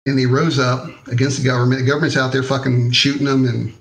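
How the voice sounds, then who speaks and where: Profane, laid-back American army veteran. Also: male voice, medium pitch, flat delivery, fast, rough recording. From United States. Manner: profane, laid-back storytelling with frequent fillers. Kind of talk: casual storytelling interview.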